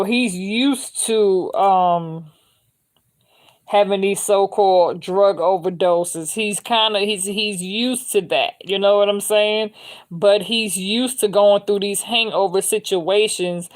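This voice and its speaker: A woman's voice: medium pitch, steady tone, slow. A woman giving a spiritual tarot reading in a loose, conversational way, often adding "you know what I'm saying.". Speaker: tarot reader.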